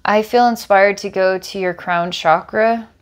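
A woman giving a psychic energy healing reading, describing impressions slowly and searchingly. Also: mid-range voice, steady tone, smooth. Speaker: psychic healer.

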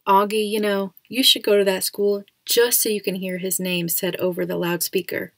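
Casting: female narrator doing a goofy, excitable dad, gravelly edge. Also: medium pitch, normal speed, no echo, natural voice. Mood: teasing. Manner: excitable, teasing. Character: playful, joking father.

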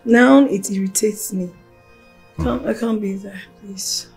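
Mellow-voiced, fussy young wife. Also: female voice, medium pitch, measured pace, creaky, soft background music. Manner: fussy, pleading. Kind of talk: Nollywood film acting.

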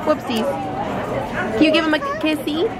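Filming on a handheld camera, this vlogger mom chats playfully with her kids and laughs often, her high, sing-song voice moving at a normal speed. The casual family vlog is full of loud crowd and street noise.

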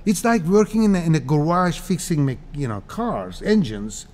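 Animated, laughing man from Cyprus in his 60s. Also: on the high side, moderate pace. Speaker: guest. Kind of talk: casual interview storytelling.

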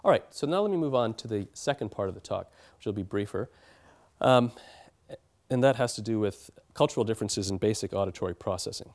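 A man's voice: lowish voice, lively intonation, brisk, a little mellow. A man giving an academic lecture in a hall, explaining at length with fillers and restarts.

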